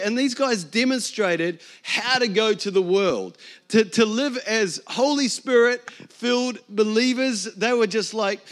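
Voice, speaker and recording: A New Zealand man preaching a lively, joking sermon as pastor in a conversational way. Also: high voice.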